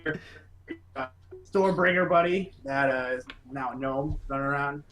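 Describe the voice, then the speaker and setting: A young man narrating as game master in a casual tabletop game, relaxed and hesitant. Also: medium pitch, normal speed, faint music behind.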